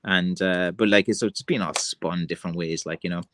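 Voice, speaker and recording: A man with an Irish accent hosting a livestream, ranting in a rambling, excitable way, full of "like" and "you know" and calling people "man" and "lads". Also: low voice, moderate pace, a little hiss or hum. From Ireland. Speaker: livestream host. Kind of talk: casual rant on a livestream.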